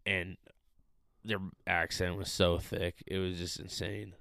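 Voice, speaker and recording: A man's voice: low voice, little pitch movement, slow pace, vocal fry, sharp tone, no room sound, studio quality. A man co-hosting a casual podcast, loose and agreeable, peppering his talk with "like" and "whatever". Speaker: podcast co-host.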